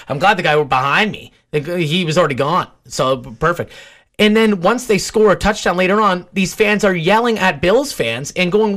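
A man's voice: on the high side, normal speed, a bit bright. A young man co-hosting a sports podcast, ranting in an exasperated way about rude fans in casual chat.

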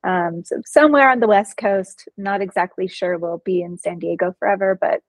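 A woman, a psychologist guest in a casual interview, telling personal stories in an expressive, vivid way. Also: mid-range voice, normal speed, no room sound, low-quality recording.

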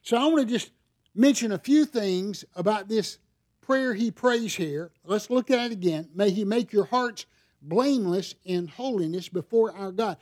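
A middle-aged male pastor preaches in a conversational style, his voice high-pitched and darkish in tone at a normal speed. He often poses rhetorical questions to the congregation.

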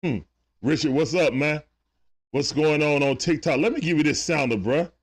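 A man's voice: on the high side, normal speed. A man hosting a live sports watch party stream, talking casually with viewers through a sore throat and greeting them one by one with laid-back slang.

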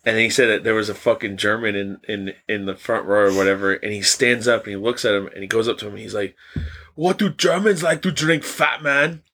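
A man's voice: fairly low pitch, level tone, quick pace, hardly any pauses, pushed and bright. A young man casually chatting as a podcast co-host, telling a story in a rambling way, laughing often and swearing. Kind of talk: casual chat.

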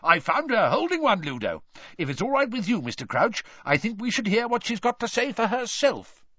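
A man's voice: sits high, sing-song, normal speed, a bit bright, no room sound, voice pushed up, exaggerated voice. A man voicing a blunt, self-assured male ministry wizard who speaks sternly and emphatically. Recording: dull lo-fi recording.

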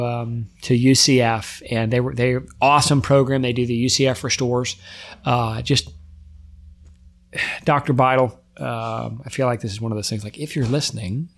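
A middle-aged man, a firefighter guest on a podcast, telling a personal story with raw emotion, often repeating and restarting his words, his voice rising when worked up and dropping off quietly. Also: medium pitch.

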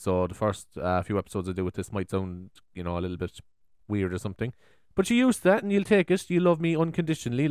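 A young Irish man hosts his podcast in a chatty, cheeky way, full of "um"s. His voice is lowish, smooth and clear, recorded dry and close. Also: no room sound. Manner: chatty, cheeky, lots of fillers. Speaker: podcast host. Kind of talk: casual podcast test.

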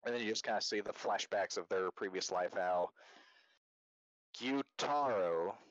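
A young man casually recapping an anime, laughing and filling in quick character voices as he retells scenes. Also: low voice, fairly even intonation, muffled recording.

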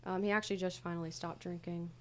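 A woman's voice: lowish voice, flat delivery, fast. A young adult woman, a podcast guest, recounting her past candidly in a casual, hesitant way with many fillers. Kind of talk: casual conversational interview.

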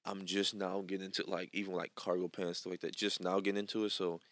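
A man's voice: low-pitched, flat delivery, quick pace, fairly bright tone, no echo. A young man with a Louisiana accent hosting a podcast, chatting casually and joking, with lots of fillers. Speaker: podcast host. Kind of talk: casual chat.

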